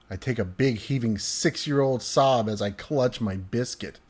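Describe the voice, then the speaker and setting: Animated man reading a comic story. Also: medium pitch, a little slow, hardly any pauses, slightly rough. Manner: animated, hyperbolic delivery that swings from hushed to loud.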